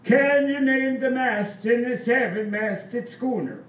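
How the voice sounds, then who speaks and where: A man voicing a stern old Swedish sailor man, speaking slowly with a heavy accent, in a story told on stage. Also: very high-pitched, fairly bright tone, voice pushed up, full character voice. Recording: roomy live hall, distant mic, faint ambience.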